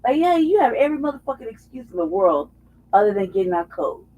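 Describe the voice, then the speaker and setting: A woman's voice: fairly high pitch, very animated, fast talker, mellow, husky. A woman talking heatedly and profanely in a casual political chat, often mocking others in put-on voices. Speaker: co-host. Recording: dull lo-fi audio.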